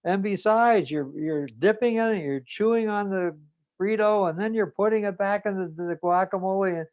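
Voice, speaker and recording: A man's voice: sits high, moderate pace, highs cut off, voice pushed up, natural voice. A man voicing an elderly mother who harshly scolds her grown son, nagging and raised. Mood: scolding.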